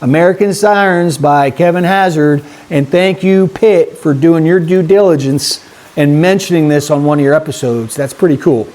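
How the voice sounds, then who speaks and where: A man's voice: on the high side, normal speed, a little mellow. A man hosting a casual vlog, rambling and chatty as he talks straight to his viewers. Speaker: YouTube host.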